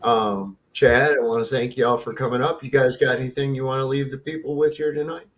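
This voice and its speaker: A man's voice: mid-range voice, steady tone, fairly quick. A man hosting a live stream in casual, profane, joking chat.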